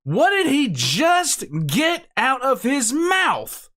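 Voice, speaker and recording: An older man hosting a casual live reaction, chiming in with excitable remarks. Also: extremely high pitch, takes it slowly. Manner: excitable, lively interjections. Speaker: host reacting to a story.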